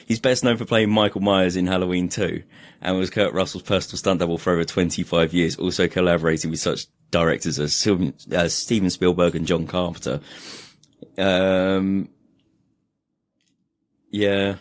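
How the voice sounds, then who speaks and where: Speaking at a moderate pace in a steady, low-sitting voice, this podcast co-host keeps the casual conversation going with laughter and plenty of swearing.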